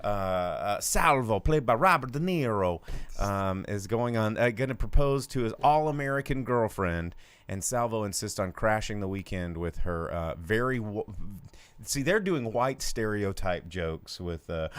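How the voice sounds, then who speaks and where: A man's voice: on the low side, animated, unhurried, smooth, no echo. Rambling, joking male co-host. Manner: rambling, joking, with frequent fillers. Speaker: podcast co-host. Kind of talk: casual chat.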